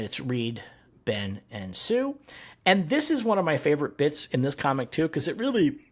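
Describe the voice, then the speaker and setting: Podcast co-host, casual comics chat, lively swooping delivery, a touch husky. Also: medium pitch. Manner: animated, laughing, swearing, retelling panels.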